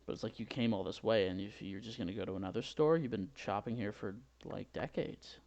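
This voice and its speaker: A man giving a rambling mock lecture as a pretend professor, halting and full of restarts, with sudden loud outbursts. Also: fairly low pitch. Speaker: comedy video maker posing as a drawing professor.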